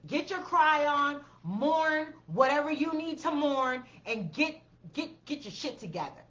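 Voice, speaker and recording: A woman's voice: high voice, sing-song, a little slow, a bit bright, lo-fi sound. A woman giving a blunt, profane tarot reading, repeating her commands with emphasis. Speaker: tarot reader.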